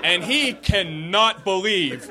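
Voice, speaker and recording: A man doing a playful stand-up comedy set, telling a story with animated delivery. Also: high-pitched, slow. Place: comedy club stage. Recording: comedy club with loud crowd noise.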